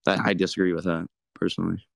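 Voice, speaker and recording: A man moderating a voice call, calm and incredulous, pressing for answers. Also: sits low, fast talker, creaky, dry recording, clean studio sound.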